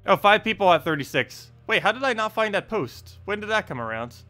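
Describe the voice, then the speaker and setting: A man's voice: high-pitched, sing-song, fairly quick, pushed and bright, faint music behind. A young man streaming a video game, chatty and self-deprecating, laughing often. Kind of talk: casual live-stream commentary.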